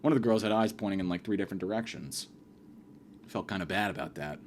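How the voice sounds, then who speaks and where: A man's voice: low voice, quick pace, slight background noise. A man hosting a comedy podcast, telling stories in a profane, exasperated rant. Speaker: podcast host.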